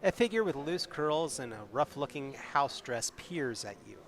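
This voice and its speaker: A man's voice: medium pitch, sing-song, moderate pace. A man streaming a solo tabletop adventure, reading its text aloud and adding wry asides. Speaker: solo game player and streamer.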